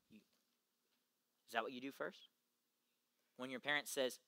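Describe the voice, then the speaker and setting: A young man giving an earnest, emphatic youth talk to junior high boys, acting out the quotes he gives. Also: steady tone, normal speed, pauses often, sharp tone, no room sound. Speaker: youth ministry speaker.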